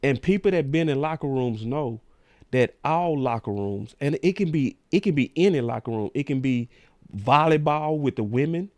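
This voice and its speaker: A man's voice: medium pitch, expressive, normal speed, darkish tone, dry recording. A man hosting a sports talk show, ranting in a casual, slangy way.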